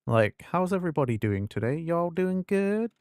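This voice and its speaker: A man's voice: fairly high pitch, very animated, normal speed, darkish tone, smooth, no room sound, clean studio sound. A man from England with an English accent, chatting casually on a game stream and acting out conversations as he rambles on. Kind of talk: casual live-stream chat.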